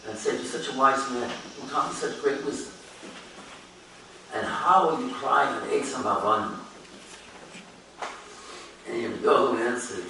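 A man giving a Torah lecture as a rabbi, rising and falling in pitch and chanting quoted Hebrew verses. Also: lively intonation, normal speed, pauses often, background noise. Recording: echoey hall, mic at a distance.

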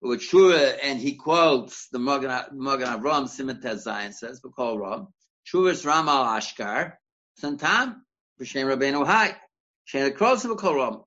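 A man with a mid-range, bright, forceful voice and lively intonation speaks at a measured pace, teaching a Talmudic study lecture in a Torah class. He explains step by step, quotes Hebrew and Aramaic sources, and often restarts words as he thinks, in a dull lo-fi recording.

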